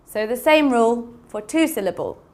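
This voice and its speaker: A woman's voice: a little high, expressive, moderate pace. A woman teaching English grammar, explaining patiently, repeating words and spelling out endings letter by letter. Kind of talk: slow classroom explanation.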